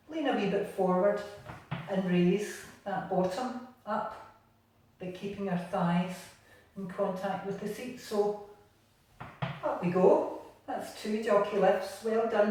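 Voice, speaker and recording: A Scottish woman gently leading a home exercise class from her bathroom, encouraging and patient. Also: medium pitch. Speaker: exercise instructor. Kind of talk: guided seated exercise class. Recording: echoey room, distant mic, faint noise.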